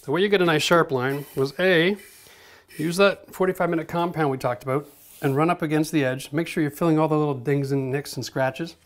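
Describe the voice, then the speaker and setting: A middle-aged man teaching a hands-on painting lesson in an energetic, coaching way, checking in often with "okay?". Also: a little high, fairly quick. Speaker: home renovation instructor.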